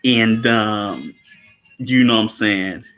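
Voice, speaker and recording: A man casually recapping a film scene, laughing often, repeating words and acting out quotes in a higher voice. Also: slow, a bit bright, faint music behind.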